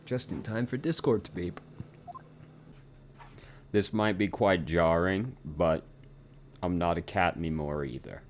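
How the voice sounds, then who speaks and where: A man's voice: deep voice, a little slow, long pauses, a little hiss or hum. A man casually commenting on a game he plays, offhand and joking, with casual swearing. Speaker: let's play host.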